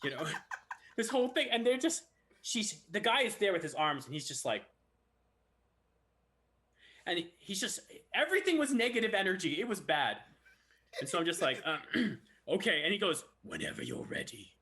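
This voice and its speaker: Animated man with a bright, high voice. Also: normal speed, pauses often. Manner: animated storyteller who acts out quotes. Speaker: voice actor guest. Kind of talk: casual chat.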